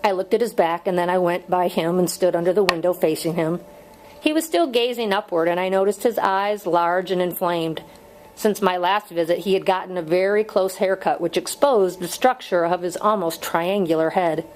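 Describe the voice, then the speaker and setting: Woman, audiobook narration, steady, measured. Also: lowish voice, rough recording. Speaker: audiobook reader.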